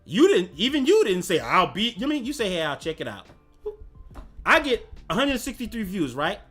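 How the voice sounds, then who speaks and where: A man's voice: high-pitched, sing-song, fast talker, fairly bright tone, breathy edge, soft background music. A man hosting a casual livestream chat, talking in a slangy, rambling way and laughing often. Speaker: host.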